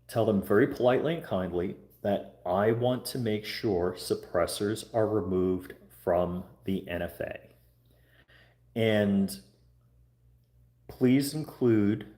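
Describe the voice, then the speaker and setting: A man's voice: fairly low pitch, a little mellow. Man urging viewers in an echoey room. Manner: earnest, repetitive urging, coaching viewers through scripted phone calls. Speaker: livestream host. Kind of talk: casual livestream talk. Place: home room.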